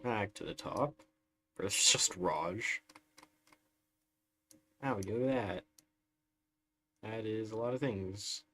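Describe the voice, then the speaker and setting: A man's voice: lowish voice, takes it slowly, long pauses, a bit bright. A man streaming a strategy game live, chatting through it in a wry, sarcastic way. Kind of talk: live gameplay commentary.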